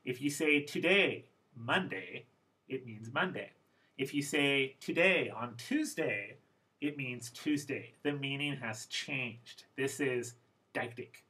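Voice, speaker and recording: Man, English pronunciation teacher, methodical and patient, medium pitch, bright tone. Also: takes it slowly, low-quality recording. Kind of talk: recorded lesson.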